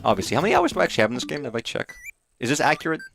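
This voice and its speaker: A man talking over his own gameplay in a loose, profane ramble, his pitch bouncing all over as he mock-rants at whoever crosses his path. Faint game music sits quietly behind him. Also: animated, creaky. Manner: profane, rambling, quick to rant at on-screen characters. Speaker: livestreamer. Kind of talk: casual gameplay commentary.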